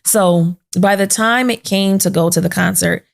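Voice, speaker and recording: A woman's voice: medium pitch, steady tone, normal speed, creaky. A woman hosting a podcast, telling an emotional personal story and acting out the voices of the people in it. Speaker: podcast host. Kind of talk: sit-down podcast conversation.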